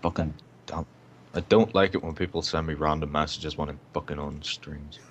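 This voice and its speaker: A man's voice: very deep voice, steady tone, normal speed, slight background noise. A nineteen-year-old man co-hosting a casual online chat, ranting and swearing freely. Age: young adult, 19. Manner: profane, ranting. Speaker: co-host.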